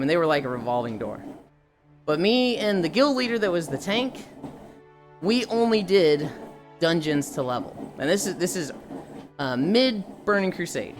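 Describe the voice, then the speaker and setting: A woman streamer chatting casually and profanely, laughing often, with music playing behind her. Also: lowish voice. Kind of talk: casual livestream chat.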